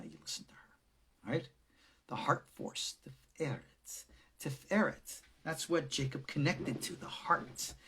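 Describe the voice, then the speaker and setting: A middle-aged man, a rabbi giving a recorded lecture on Kabbalah, who swings from loud emphasis down to hushed whispers. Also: mid-range voice, breathy edge.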